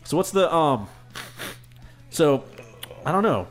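A man co-hosting a loose podcast conversation, with a voice pitched a little above the usual. He laughs often and trips over his words, circling back as he goes. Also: sing-song, slow pace, soft background music. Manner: laughs often, restarts and stammers. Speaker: podcast co-host. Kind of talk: casual chat.

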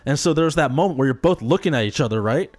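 A man in casual chat, telling a story in an animated and profane way. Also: medium pitch, quick pace.

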